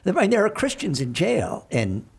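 A man's voice: high-pitched, huge pitch swings, normal speed, gravelly, husky. A man on a talk show, making wry, sarcastic asides.

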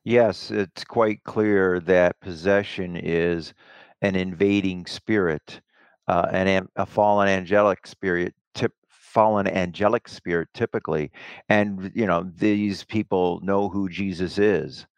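A man's voice: low-pitched, steady tone, measured pace, clear, resonant tone, no room sound. A man talking at length in a discussion, rambling and retelling film scenes with many restarts. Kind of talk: casual discussion.

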